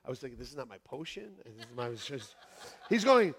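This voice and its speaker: A middle-aged male pastor telling a story in a sermon, animated, acting out voices with shouts and laughs. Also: sits high, quick pace. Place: church sanctuary. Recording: long hall reverb.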